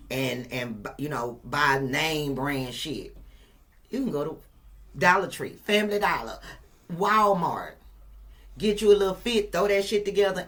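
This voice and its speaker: A woman doing a casual tarot reading for her viewers, emphatic and profane, repeating lines for effect and laughing now and then. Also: low-pitched. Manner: emphatic, repetitive, profane and playful. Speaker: tarot reader.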